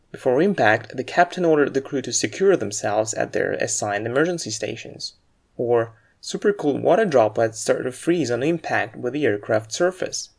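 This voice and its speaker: A man giving a scripted aviation English lesson, explaining word stress in a clear, measured way and reading example sentences. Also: medium pitch.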